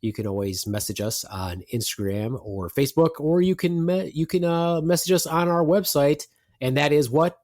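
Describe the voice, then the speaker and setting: A man's voice: fairly high pitch, moderate pace, darkish tone. Teasing middle-aged podcast host, man. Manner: teasing, rambling. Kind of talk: casual banter.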